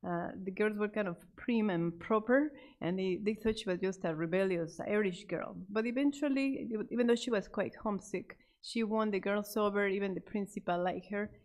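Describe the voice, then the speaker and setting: A woman's voice: normal speed, few pauses. Woman telling a church story. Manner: animated, acts out the quoted characters with raised pitch; many fillers and restarts, unscripted. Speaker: Sabbath School storyteller. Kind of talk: storytelling a missionary biography to a church class.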